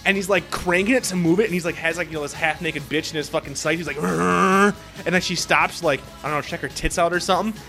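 A man in casual chat, excitedly and profanely rambling through a movie recap. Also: a little high, fast, few pauses, soft background music.

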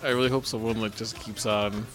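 A man's voice: lowish voice, steady tone, fairly quick, fairly bright tone, soft background music. A man co-hosting a podcast in casual banter, with dry, understated remarks. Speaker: podcast co-host.

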